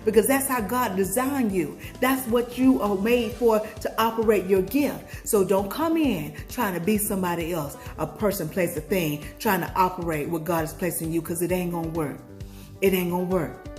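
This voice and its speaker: A woman's voice: mid-range voice, moderate pace, darkish tone, soft background music. A woman from Georgia with a Southern accent, giving a motivational pep talk to viewers and asking them questions as she preaches. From Georgia, USA. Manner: preachy, call-and-response questions, sings snippets. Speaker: motivational vlogger.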